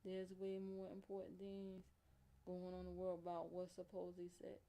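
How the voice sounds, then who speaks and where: Low-voiced woman chatting on stream. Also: monotone, moderate pace, creaky, mellow. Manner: chatty, rambling, talks straight to her chat. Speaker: live streamer. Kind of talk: casual live-stream chat with viewers.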